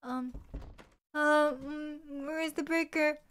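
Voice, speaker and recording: A woman's voice: high voice, fairly even intonation, takes it slowly, fairly bright tone, slight background noise. A young woman streaming a game, easily spooked and jumpy. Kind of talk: casual gaming stream chat. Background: game music.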